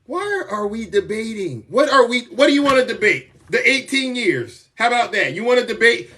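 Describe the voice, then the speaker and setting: A man hosting a live stream of political commentary, boastful and theatrical, sometimes rising to shouts. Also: very high voice, lively intonation, brisk, distant mic.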